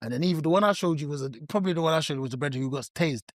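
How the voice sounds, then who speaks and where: A man's voice: a little high, racing, dry recording, clean studio sound. A man, co-hosting a podcast, telling stories casually with lots of slang and laughter. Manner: animated, laughs often, heavy slang. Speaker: podcast co-host. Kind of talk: casual storytelling chat.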